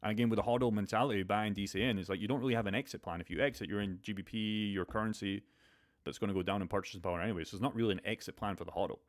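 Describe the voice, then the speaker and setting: Male streamer, young, fast and blunt, casual profane pep talk. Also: fairly low pitch. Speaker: crypto live stream host. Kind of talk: casual live stream chat.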